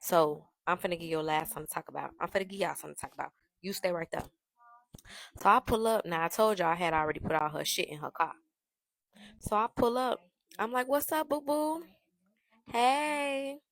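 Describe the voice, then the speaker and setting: A woman tells a storytime in a brash, profane, animated way. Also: on the low side, fast talker, vocal fry, no room sound. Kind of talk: casual storytime.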